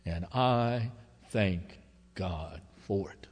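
A man preaching a sermon as pastor, telling stories in a folksy, emotional way that swings between loud and hushed. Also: deep voice, very slow, breathy edge. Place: church sanctuary. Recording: long hall reverb.

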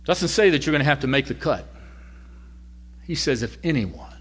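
Storytelling preacher, loud to hushed. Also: male voice, fairly high pitch, normal speed, breathy edge. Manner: conversational, varies loudness from loud to near-whisper. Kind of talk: sermon with storytelling.

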